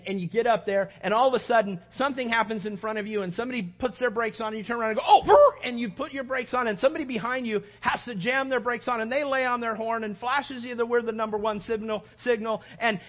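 A man's voice: extremely high pitch, fast talker, hardly any pauses, lo-fi sound. A male pastor preaching a sermon, acting out everyday scenes with playful shifting voices. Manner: animated, acts out little scenes with shifting voices.

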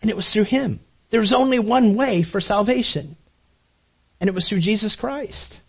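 Husky high-voiced male preacher. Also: moderate pace. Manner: earnest, repeats words as he builds. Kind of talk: sermon storytelling. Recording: dull lo-fi recording.

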